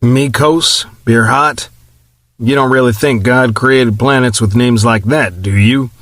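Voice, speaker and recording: A wry, outspoken counselor with a New England twang, as a male audiobook narrator reads him. He talks plainly and bluntly at a middle pitch. The recording is dry and close. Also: measured pace, a bit bright, dry recording, close to an everyday voice.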